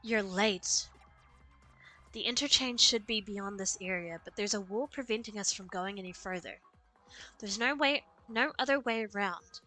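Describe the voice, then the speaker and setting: A stern young woman bent on revenge, read out by a woman streamer in a game. She speaks coldly and curtly, proud and dismissive, in a bright, clear tone. Soft game music plays behind her. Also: mid-range voice, moderate pace, lightly acted. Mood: impatient. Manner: cold, curt and prideful. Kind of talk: reading game dialogue aloud.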